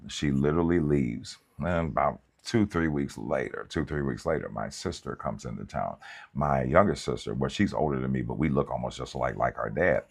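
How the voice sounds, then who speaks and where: A man with a very low, husky voice preaches like he's telling stories to friends. He is animated and colloquial, and he drifts into comic asides. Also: normal speed. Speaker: pastor.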